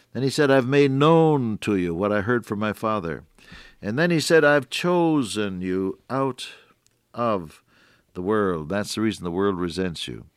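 A man's voice: on the low side, clean tone, no room sound, studio quality. A man preaching a radio sermon in a folksy, earnest way, stretching out key words for emphasis.

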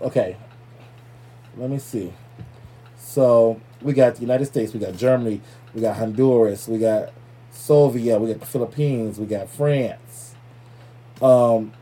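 A man hosting a podcast in loose, profane, playful casual chat, giving listeners shout-outs. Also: mid-range voice. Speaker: podcast host.

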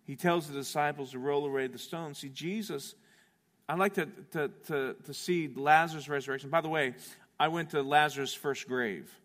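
Male preacher, sharp ringing tone, rousing then hushed, church hall echo. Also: fairly high pitch, moderate pace. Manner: impassioned, swings from shouting to hushed. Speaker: pastor. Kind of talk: Easter sermon. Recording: echoey hall, long reverb.

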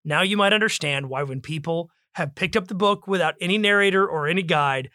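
A man hosts a book discussion podcast in an emphatic, preacher-like manner. His voice is bright and forceful, sitting slightly above the usual male pitch. The sound is dry and close. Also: a little fast, no room sound. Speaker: podcast host.

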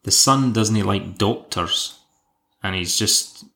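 A man's voice: fairly low pitch, slow, gravelly, pushed and bright. A man hosting a podcast, recapping an episode in a dry, wry, casual way. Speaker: podcast host.

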